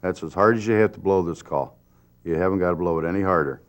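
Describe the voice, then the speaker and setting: A man demonstrating a hunting call and explaining it, halting and stumbling over his words. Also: low voice, clear, resonant tone. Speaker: call maker expert.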